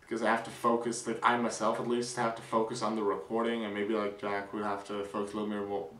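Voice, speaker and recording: A young man vlogging a casual weekend recap, rambling with fillers and restarts, excited. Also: fairly low pitch, fast talker, roomy sound, distant mic, low-quality recording.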